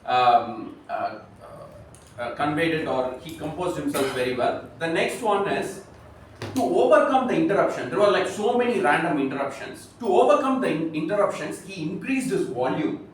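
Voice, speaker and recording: A man's voice: fairly high pitch, expressive. Man speaking in an echoey room, far off. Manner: halting, many fillers and restarts. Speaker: speech evaluator. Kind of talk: spoken speech evaluation at a club meeting. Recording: echoey room, far from the mic, some noise.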